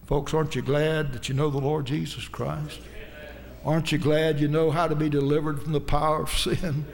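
A man preaching a sermon in a church, emphatic and rising into shouts. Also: a little high, level tone, a little fast, gravelly. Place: church sanctuary. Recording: long hall reverb.

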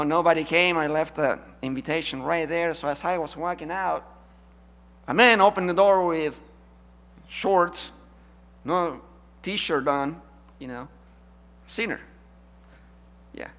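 A man preaching a sermon, emphatic, swinging from loud declarations to hushed asides. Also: a little high, takes it slowly, long pauses.

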